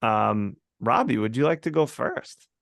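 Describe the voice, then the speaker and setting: A man's voice: mid-range voice, sing-song, measured pace, vocal fry, fairly bright tone, no echo. A man co-hosting a movie podcast who steers the segments with dry, crude jokes. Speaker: podcast co-host. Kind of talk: casual movie chat.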